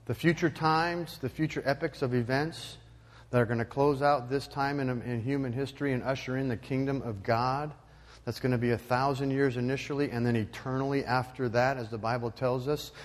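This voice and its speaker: A man's voice: mid-range voice, brisk. Preaching man in an echoing church. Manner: animated preaching, rising to loud emphatic peaks. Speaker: pastor. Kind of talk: sermon.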